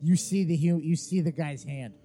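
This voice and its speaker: A man's voice: a little high, normal speed, warm tone, slightly rough. A man co-hosting a casual movie review podcast, argumentative and profane as he breaks down the film. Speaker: podcast co-host.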